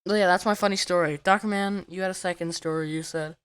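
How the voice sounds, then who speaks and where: A man's voice: high-pitched, fairly even intonation, fast, fairly bright tone, a little hiss or hum. A teenage boy hosting a casual podcast with friends, laughing through his words and swearing casually. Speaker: podcast host.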